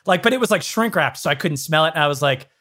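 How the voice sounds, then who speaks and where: A man from Michigan chatting casually on a podcast, telling animated stories and laughing often. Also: fairly high pitch, fast talker. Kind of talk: casual chat.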